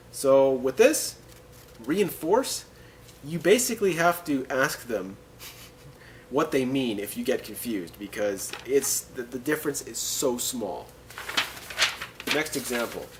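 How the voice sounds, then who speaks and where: A man giving a casual English pronunciation lesson, reading example sentences slowly and breaking off for joking asides. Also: medium pitch, big pitch swings, a little hiss or hum.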